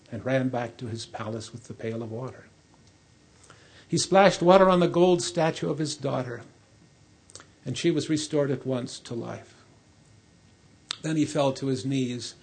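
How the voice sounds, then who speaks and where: A man's voice: medium pitch, a little mellow, husky. Solemn older man preaching. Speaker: church speaker. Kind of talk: sermon with storytelling.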